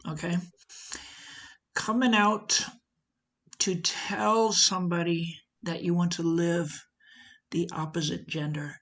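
A middle-aged woman from the United States talking casually to a group, telling personal stories with lots of fillers and asides. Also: on the low side. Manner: animated storytelling, many fillers and asides. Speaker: guest speaker. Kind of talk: casual talk to an audience.

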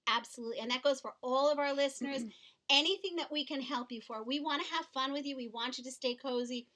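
A middle-aged woman with a slightly high voice speaks as a podcast co-host. She tells a personal story in an earnest, heartfelt way, with the small repetitions of unscripted talk. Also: fast, a bit bright.

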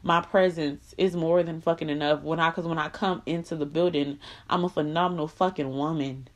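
A woman's voice: sits low, fairly even intonation, brisk. A woman delivering an impassioned, profane monologue, blunt and emphatic with lots of repetition.

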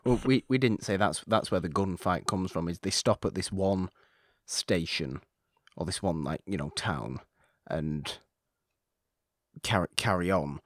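A man's voice: sits low, unhurried, no room sound, clean studio sound. A man talking casually about a film, rambling and correcting himself as he goes. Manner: rambling, restarts, self-correcting. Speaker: podcast co-host.

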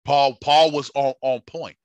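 A man preaching a sermon, halting with fillers and restarts, building to fervent emphasis. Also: mid-range voice, fairly even intonation, dry recording, highs cut off.

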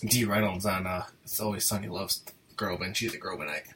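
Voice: low-pitched, brisk, far from the mic, a little hiss or hum. A podcast co-host in a casual movie review chat, teasing the other host and breaking into sung snippets. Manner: teasing, sings snippets, lively delivery.

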